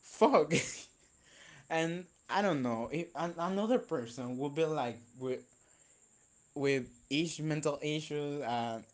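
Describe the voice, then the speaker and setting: Young man, Spanish-speaking, venting vlog, slow drawl, swears a lot, halting restarts. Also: on the high side. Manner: rambling and profane, with many fillers and restarts. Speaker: vlogger.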